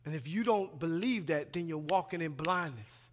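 A man in his thirties preaching a sermon as a pastoral resident, swinging between loud emphatic passages and quiet asides, colloquial and acting out dialogue. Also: a little high, lively intonation, moderate pace, few pauses. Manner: colloquial, plays out dialogue in voices. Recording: long hall reverb.

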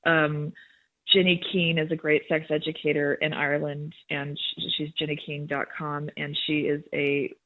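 A woman's voice: low voice, level tone, normal speed. A woman in her thirties, a guest and educator, explaining things in a frank, upbeat way over the phone. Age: 30s. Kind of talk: phone interview. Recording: tinny phone line.

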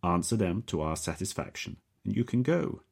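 A tall, coolly polite captor, put on by a deep, husky-voiced male narrator speaks with a strong Slavic accent in an audiobook. Every syllable is clipped and precise, and his courtesy soothes while it threatens. The voice sits low with a breathy edge. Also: lively intonation, moderate pace, a little mellow, heavily acted. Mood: courteous menace.

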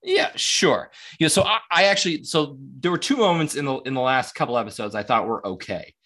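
A man's voice: medium pitch, lively intonation, fairly quick, pushed and bright. Rambling, profane man chatting on a podcast. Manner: rambling, profane, many restarts. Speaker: podcast co-host. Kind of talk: casual podcast chat.

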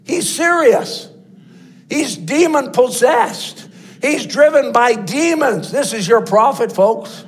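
A man with a high-pitched voice preaches with rising passion. He tells his story in a sermon style, often doubling back on his words and restarting phrases as he drives his point home. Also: expressive, slow pace. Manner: impassioned, with frequent repeats and restarts.

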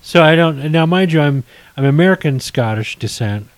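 Expressive and fairly high-pitched, this middle-aged podcast co-host speaks at a moderate pace over poor audio. In casual chat, he rambles through stories and keeps correcting himself along the way.

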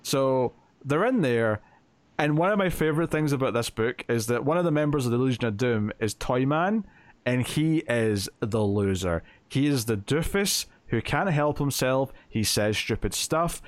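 A man's voice: medium pitch, expressive, normal speed, no room sound. Chatty man recapping a comic on a dry mic. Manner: chatty, retelling plot with quoted lines and filler. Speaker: podcast co-host. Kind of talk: casual comic book review chat.

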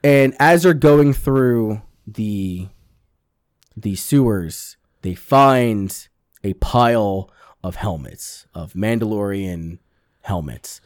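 A man's voice: fairly low pitch, slow pace, no echo, clean studio sound. A man casually recapping a TV episode, acting out the characters' lines and swearing freely. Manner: animated storyteller, acts out quotes, swears a lot. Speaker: podcast co-host recapping a TV episode. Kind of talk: casual profane chat.

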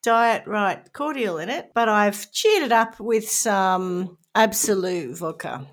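A woman's voice: mid-range voice, animated. A woman with an Australian accent co-hosting a casual podcast and steering the conversation. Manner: brisk, steering the chat. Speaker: co-host. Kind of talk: casual chat.

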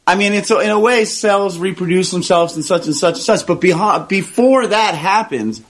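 High-voiced chatty man. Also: normal speed, a bit bright. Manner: loose, chatty, filler-heavy. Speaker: radio co-host. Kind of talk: casual radio chat.

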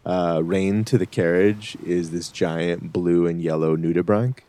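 A man's voice: low voice, steady tone, measured pace, warm tone. A man running a tabletop game as game master, narrating scenes and laughing often. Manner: laughs often, loose and joking.

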